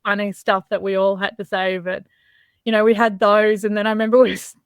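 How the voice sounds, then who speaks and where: An Australian woman telling lively, laugh-filled stories as an interview guest, swearing casually, over a video call. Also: medium pitch, brisk, clean tone, no echo, studio quality. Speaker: army reservist guest.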